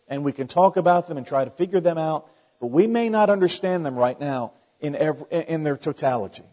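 A man's voice: high voice, slightly rough. A man pastor preaching a conversational sermon, folksy and full of anecdotes. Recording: dull lo-fi sermon recording.

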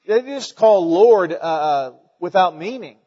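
A man preaching a sermon as pastor, earnest and halting, with many fillers and restarts. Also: sits high, expressive, mellow. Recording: dull sound with long hall reverb.

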